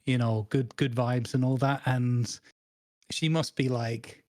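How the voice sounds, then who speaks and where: A man's voice: mid-range voice, fairly even intonation, slow, a little mellow, dry recording, clean studio sound. A man, co-hosting a casual chat and telling a long, rambling story full of restarts and fillers. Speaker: podcast co-host.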